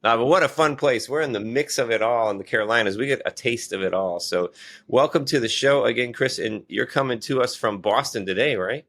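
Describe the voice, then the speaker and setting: A man's voice: medium pitch, brisk, fairly bright tone. A man from Michigan hosting a podcast interview, with an upbeat, hyped delivery full of "uh" fillers. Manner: upbeat, hypey, many "uh" fillers. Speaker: podcast host.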